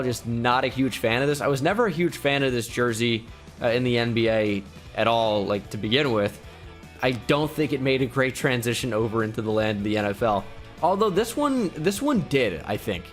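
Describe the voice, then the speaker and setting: Young male YouTuber, casual opinionated commentary, mid pitch, soft music bed. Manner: relaxed, opinionated, many fillers. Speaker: gaming YouTuber. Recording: faint music behind.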